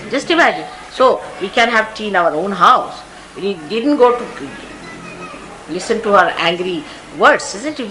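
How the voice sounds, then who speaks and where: A woman's voice: mid-range voice, pushed and bright, a little hiss or hum, low-quality recording. An older woman with an Indian English accent, giving a spiritual talk full of anecdotes and asides. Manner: anecdotal, conversational, often says "you see". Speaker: spiritual teacher. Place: large indoor gathering.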